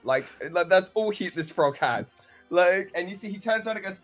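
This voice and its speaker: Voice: mid-range voice, expressive, normal speed, fairly bright tone, soft background music. A game master narrating a tabletop game in loose, giggly description.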